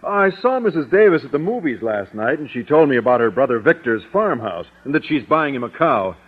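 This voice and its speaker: An actor playing a shy, earnest biology teacher in a 1950s radio sitcom. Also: male voice, medium pitch, very animated, brisk, slightly rough. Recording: tinny old radio broadcast.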